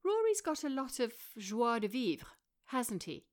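A languid, aloof Englishwoman, as a woman reading aloud voices her. She murmurs softly and sounds detached. It is an audiobook reading. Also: a little high, big pitch swings, unhurried, voice pushed up.

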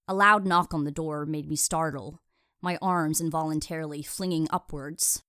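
A woman narrating a first-person audiobook with a wry, self-deprecating manner. Her voice sits low, and the recording is dry and close with no room sound. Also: no echo.

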